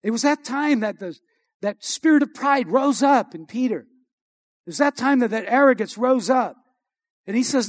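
High-voiced male pastor preaching. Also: normal speed, no echo, clean studio sound. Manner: preaching with rising, exhorting emphasis. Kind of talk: sermon.

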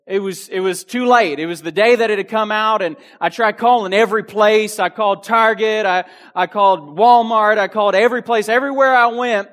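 A man's voice: high voice, a bit bright. A man preaching a youth sermon with energy, full of restarts and asides. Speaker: youth pastor.

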